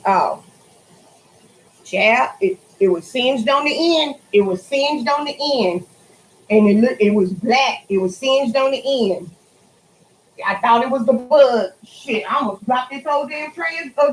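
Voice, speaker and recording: A woman's voice: high-pitched, measured pace, reverberant, slight background noise, low-quality recording. A woman talking casually and swearing freely while cleaning greens at her kitchen sink for a cooking vlog. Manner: animated, profane, swears freely. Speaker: cooking vlogger.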